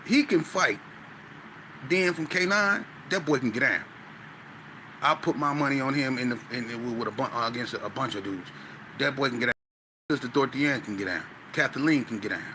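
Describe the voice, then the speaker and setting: Guy telling a wild story, slangy and stuttery, pretty bright tone, faint hum behind. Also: mid-range voice, low-quality recording. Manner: animated, slang-heavy, stuttering restarts. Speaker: guest. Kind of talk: storytelling interview.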